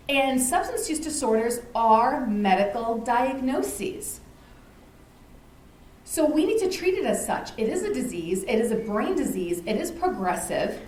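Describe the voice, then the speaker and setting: A woman giving an informal educational talk at a community lunch, conversational, often checking in with "right?" and acting out anecdotes. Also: on the high side. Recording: echoey room with faint noise.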